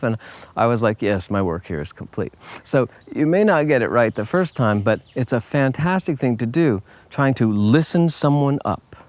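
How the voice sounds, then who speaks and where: A man speaks in an easygoing, folksy way, coaching his listeners in a casual talk. His voice sits in a middle register, and he keeps checking in with a friendly "okay?" He lifts his voice brightly whenever he plays out a conversation. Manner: relaxed, folksy, peppered with "okay?" and "you know"; acts out quoted voices in a higher pitch. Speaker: life coach. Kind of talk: casual motivational talk to camera.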